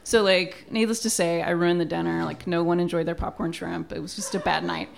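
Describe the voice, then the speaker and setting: A woman's voice: fairly low pitch, fairly even intonation, fairly quick, vocal fry. A young woman telling a comic story about her family in a chatty, wry way, often laughing and acting out quotes. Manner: frequent "like" fillers and acted quotes of family.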